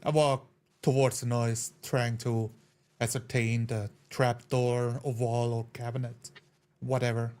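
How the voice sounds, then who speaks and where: A man's voice: medium pitch, flat delivery, unhurried, a little mellow. A man playing a tabletop game, loosely narrating his character's actions. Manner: loose, rambling action descriptions. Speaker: player. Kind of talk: tabletop role-play.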